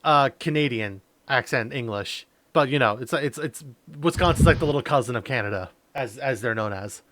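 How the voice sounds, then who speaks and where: A man hosting a casual podcast, rambling with lots of fillers and quick laughs. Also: medium pitch, background noise. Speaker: podcast host.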